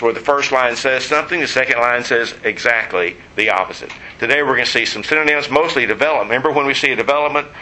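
Bright-voiced preacher teaching a sermon. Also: male voice, medium pitch, slight background noise, low-quality recording. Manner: conversational, explanatory, joking asides.

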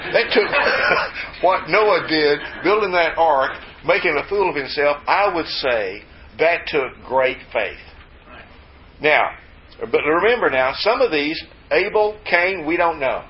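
A man preaching a sermon in a folksy, joking manner with lively emphasis and asides. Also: on the high side. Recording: slightly dull lo-fi recording with faint ambience.

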